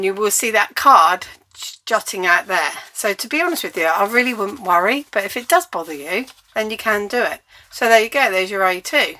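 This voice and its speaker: A woman's voice: mid-range voice, pushed and bright. An English woman giving a chatty, step-by-step cardmaking tutorial while she works at her crafting table.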